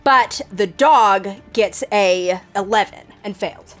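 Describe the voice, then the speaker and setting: A woman's voice: mid-range voice, slow, over music. Giggly woman running a tabletop game. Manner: casual, giggly, lots of fillers. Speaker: game master.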